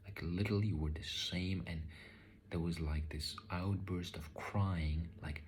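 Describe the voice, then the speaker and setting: Low-voiced man, soft half-whisper, loose reflective talk, light hiss. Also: fairly even intonation, a little slow. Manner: soft, often half-whispered, with filler "like" and restarts. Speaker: vlogger recounting a spiritual session. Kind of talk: reflective personal account.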